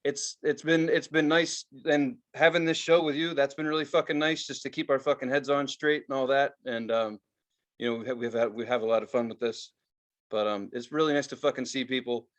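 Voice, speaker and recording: A young man co-hosts a podcast, talking briskly in a mid-range voice. In casual chat he tells animated stories full of cursing, acting out the quotes.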